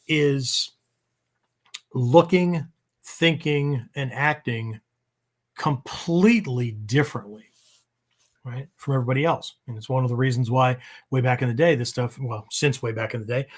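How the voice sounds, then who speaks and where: A man hosting a training podcast, talking casually and rambling, checking in with "right?" at the end of many sentences. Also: mid-range voice. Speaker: podcast host. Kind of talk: casual spoken podcast monologue.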